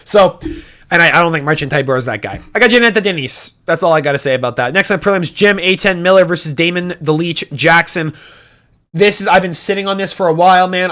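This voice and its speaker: A man's voice: on the high side, bright, forceful tone. A man hosting a casual fight predictions talk, blunt and opinionated, swearing often and restarting sentences. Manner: fast talking with restarts.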